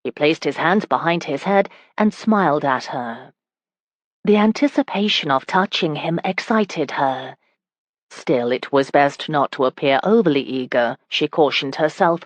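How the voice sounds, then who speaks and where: Low-voiced woman audiobook narrator. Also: animated, moderate pace, no room sound.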